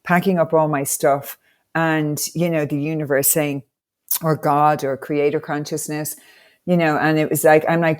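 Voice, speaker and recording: A woman's voice: low-pitched, steady tone, normal speed. A woman coach, a podcast guest, telling stories with enthusiastic, motivational energy. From Ireland. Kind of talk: conversational podcast interview.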